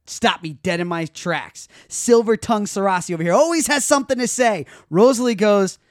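A man hosting a podcast in a studio, telling stories in a lively, profane way and acting out the scenes. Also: high-pitched, fairly quick, no echo. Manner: animated, profane, acts out scenes. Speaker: podcast host. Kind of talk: casual podcast storytelling.

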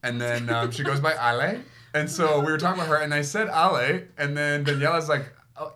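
A man's voice: a little high, brisk. A man hosting a podcast, telling a story in casual chat and acting out what he said back then. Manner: animated, acts out his own past lines in quotes. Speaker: podcast host.

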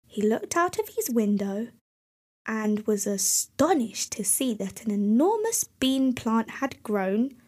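A woman narrating a fairy tale in a slow, clear, expressive storybook style. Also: fairly high pitch.

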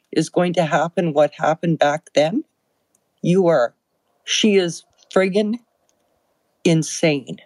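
Slow, emotional older woman caller. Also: fairly low pitch, darkish tone, no room sound, low-quality recording. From Alberta, Canada. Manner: slow, emphatic and upset. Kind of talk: emotional call-in comment.

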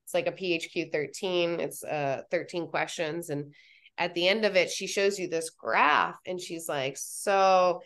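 A woman guest on a podcast, telling stories in a casual, animated way, acting out what she and others said and often saying "like". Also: lowish voice, measured pace. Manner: animated storytelling, acting out her own quotes, frequent "like". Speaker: podcast guest, reality show participant.

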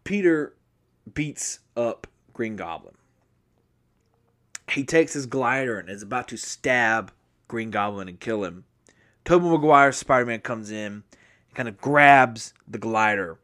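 This podcast host recounts a film from memory in a mid-range voice, at a measured pace with frequent pauses. His telling is rambling and excitable, full of restarts and self-corrections, with occasional apologies for jumping around.

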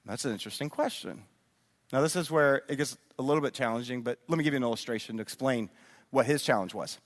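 A middle-aged man giving an animated sermon-style teaching, often checking in with his listeners. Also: medium pitch, fast. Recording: long reverb of a large hall.

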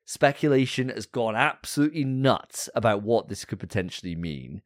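A man's voice: on the low side, expressive, moderate pace, no echo, studio quality. Fired-up swearing man. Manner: profane, fired-up ranting. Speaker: podcast co-host. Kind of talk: casual gaming podcast chat.

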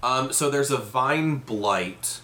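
A man running a tabletop game as game master, hesitant, with many ums and quick apologies. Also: mid-range voice, expressive, bright, forceful tone, a little hiss or hum.

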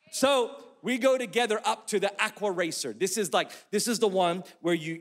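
A man in his thirties or forties preaching with a high-pitched voice, telling a family story with animated, self-mocking humor. His voice carries a long echo from a large church hall. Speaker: pastor. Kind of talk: sermon with a personal story.

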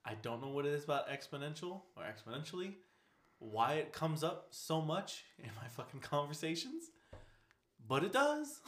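A young man talks loosely and profanely in a casual podcast chat, breaking into laughter often. His voice sits a little high for a man. The room around him rings with noticeable echo. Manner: laughs often, swears freely. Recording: echoey room.

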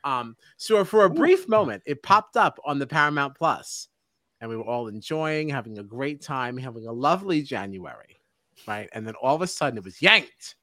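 A male podcast host telling a story in an animated, laughing way, acting out the lines he quotes. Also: medium pitch, moderate pace, no room sound. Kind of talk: casual chat.

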